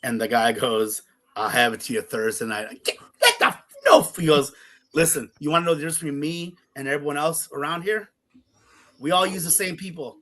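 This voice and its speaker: A man's voice: fairly high pitch, fairly quick, pushed and bright. A man co-hosting a podcast, telling a long story in casual chat, swearing freely and acting out the quotes. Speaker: podcast co-host.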